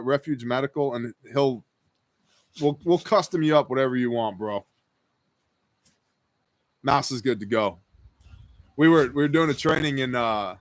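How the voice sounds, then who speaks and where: Man, live stream host, bright tense voice, dry close sound, joking, rambling. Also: medium pitch, no room sound. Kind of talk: live stream Q&A, reading chat.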